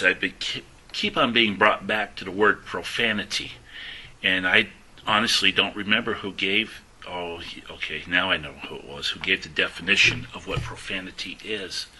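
In a low, sharp-toned voice, a middle-aged lay preacher delivers a casual sermon, breaking off his own sentences and stressing words while reading scripture. The low-quality recording carries a little hiss or hum.

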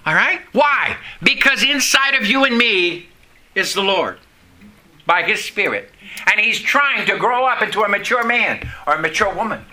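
Middle-aged male pastor, high bright voice, sermon delivery with call-and-response and sudden low drops. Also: lively intonation. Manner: preaching with call-and-response, dramatic pauses and drops in pitch.

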